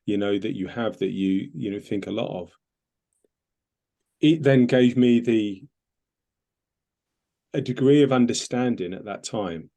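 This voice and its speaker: A man's voice: lowish voice, gravelly, warm tone. A man, a medium hosting a casual talk, speaking earnestly and reflectively with many fillers. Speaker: host, medium.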